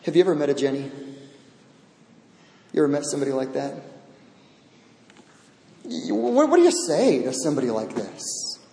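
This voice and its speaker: High-voiced preacher man in an echoey hall. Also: big pitch swings, normal speed, creaky, long pauses, dark tone, a little hiss or hum. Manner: earnest, emphatic preaching with rising, pleading build-ups. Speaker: pastor. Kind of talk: sermon. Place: church sanctuary. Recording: roomy hall with long reverb.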